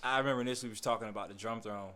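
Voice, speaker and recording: A man chiming in with quick teasing remarks in casual podcast chat. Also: on the low side, fairly even intonation, fairly bright tone.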